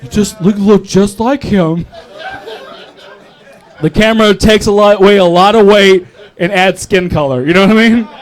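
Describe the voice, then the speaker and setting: A man's voice: high voice, moderate pace, pauses often, a faint crowd. A young man doing a crude, rambling open mic stand-up set on a comedy club stage, talking into a handheld mic.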